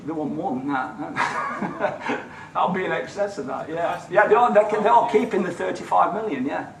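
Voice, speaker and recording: A blunt man, a letting agent, runs a property seminar, stumbling over repeated words and mimicking others in his stories. His voice sits a touch high for a man. He is caught from across an echoey seminar room, with faint noise behind. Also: moderate pace, gravelly. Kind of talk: animated seminar talk with acted-out anecdotes. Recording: echoey room, mic far off.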